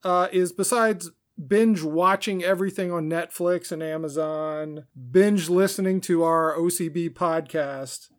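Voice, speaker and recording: A man's voice: sits high, fairly even intonation, unhurried, few pauses. A man hosting a podcast in casual chat, easygoing and leading the segments. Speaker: podcast host.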